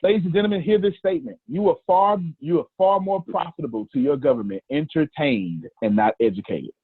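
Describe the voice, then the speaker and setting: A man's voice: a little high, expressive, fairly quick, husky, dry recording. A man leading a group coaching call, emphatic, preachy and slangy, teasing his listeners as he goes. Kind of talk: lively coaching talk on a video call. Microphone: video call audio. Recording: tinny, dry call audio.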